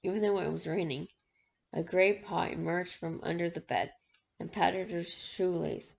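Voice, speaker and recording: Gravelly-voiced woman reading a novel aloud. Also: fairly low pitch. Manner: quick reading with frequent stumbles and self-corrections. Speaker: book channel reader. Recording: dull lo-fi recording.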